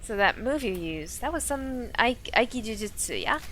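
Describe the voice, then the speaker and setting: A woman's voice: fairly high pitch, expressive, moderate pace, fairly bright tone, slight background noise. A woman voicing a polite, eager male shop clerk as she reads a game aloud on a live stream. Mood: friendly. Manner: courteous and eager. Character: polite friendly male shop clerk, a martial arts fan. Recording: music playing underneath.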